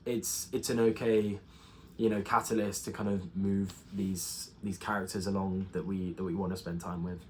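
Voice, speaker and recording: A man's voice: deep voice, flat delivery, normal speed, a little hiss or hum. A young man giving a casual spoken film review, rambling with many fillers and restarts. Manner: rambling, full of ums and restarts.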